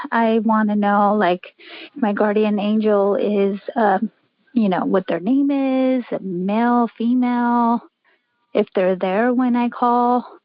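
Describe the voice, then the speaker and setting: A woman's voice: on the high side, no echo, dull audio. A woman from California calling in to a show, hesitant and searching for her words. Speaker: caller. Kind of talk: phone call-in.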